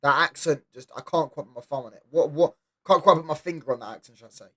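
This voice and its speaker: A man reacting to a football debate on a stream, slangy and excitable, stumbling over repeated words. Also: fairly high pitch, fast. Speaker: watchalong streamer. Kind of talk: casual reaction commentary.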